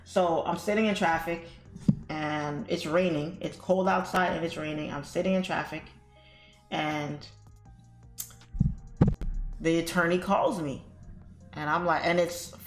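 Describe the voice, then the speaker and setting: A woman's voice: low-pitched, steady tone, measured pace, long pauses. A woman host chatting casually to her viewers, telling an exasperated story with salty language and calling them y'all. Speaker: trading livestream host. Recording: roomy echo with faint music.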